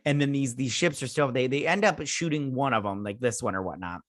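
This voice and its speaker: Man, casual review host, rambling, lots of fillers, mid pitch, dry close mic. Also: a little fast, fairly bright tone, no echo. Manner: rambling, filler-heavy, self-interrupting. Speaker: show host.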